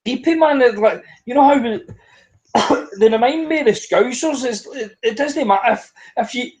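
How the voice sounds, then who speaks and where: A man's voice: extremely high pitch, moderate pace, a little mellow, poor audio. A man co-hosting a podcast, ranting bluntly in casual talk with heavy swearing. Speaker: podcast co-host.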